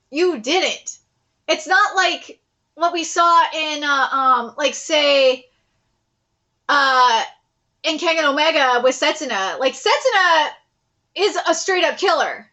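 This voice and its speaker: A young woman gives live reaction commentary on a manga chapter in a casual, slangy way. Her voice sits very high and has a bright, sharp edge. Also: dull audio. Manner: casual and chatty, full of slang and fillers.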